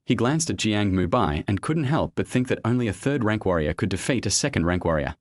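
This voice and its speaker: A man reading a serialized story as narrator in an even storytelling manner. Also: lowish voice, brisk, no echo.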